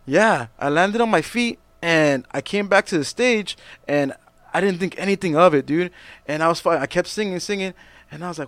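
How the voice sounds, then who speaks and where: A man's voice: on the high side, brisk, fairly bright tone, no echo. Profane storytelling man, dry close sound. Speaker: musician guest. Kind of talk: casual storytelling.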